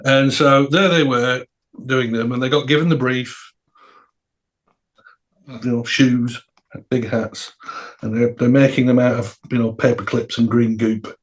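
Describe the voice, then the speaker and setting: A middle-aged man, a podcast guest, telling anecdotes in an animated way with laughs and repeated words. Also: mid-range voice, a little slow, pauses often. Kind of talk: anecdotal storytelling.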